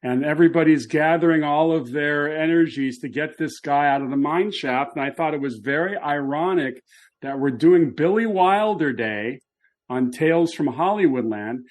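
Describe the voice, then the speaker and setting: A man with a fairly high pitch co-hosts a podcast about classic Hollywood, speaking at a normal pace. He explains films thoughtfully in a relaxed, conversational film discussion.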